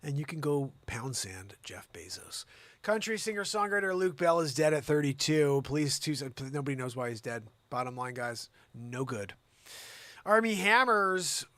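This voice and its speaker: A man's voice: medium pitch, moderate pace, dry recording. A man hosting a comedy news livestream, ranting and sarcastic, with swearing asides.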